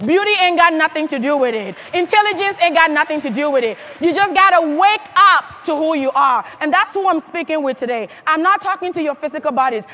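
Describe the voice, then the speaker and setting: High-voiced woman giving an emphatic motivational speech. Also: sharp tone. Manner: emphatic, asking the audience questions. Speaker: motivational speaker at a sales event. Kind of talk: motivational speech to a live audience.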